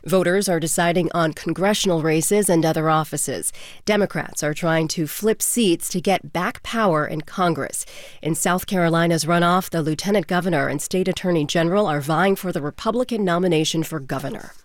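A woman newscaster reading national headlines in a crisp, formal broadcast style. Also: lowish voice, moderate pace, dry recording, clean studio sound. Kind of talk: scripted news reading.

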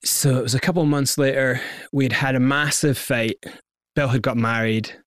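A man's voice: medium pitch, steady tone, moderate pace, dry recording, clean studio sound. A middle-aged Scottish man, an interview guest, tells his story candidly and acts out other people's lines as he goes.

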